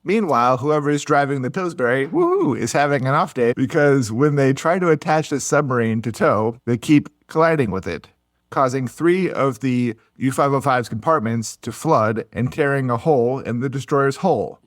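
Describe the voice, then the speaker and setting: A man's voice: mid-range voice, moderate pace, dry recording, studio quality. A man co-hosting a podcast, telling a history story casually and playfully, with goofy whoops thrown in. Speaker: podcast co-host.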